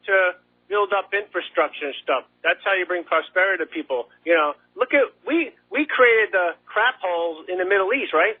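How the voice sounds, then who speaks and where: Rambling male caller with a high voice on a thin, phone-quality line. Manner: rambling, stammering, repeats words. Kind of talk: phone-in talk.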